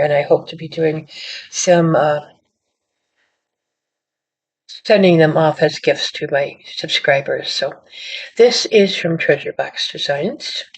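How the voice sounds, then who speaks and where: Woman, lowish voice, rambling crafting show-and-tell, apologetic, self-deprecating, muffled lo-fi sound. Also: darkish tone. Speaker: card-making channel host. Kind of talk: casual show-and-tell chat. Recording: dull lo-fi audio.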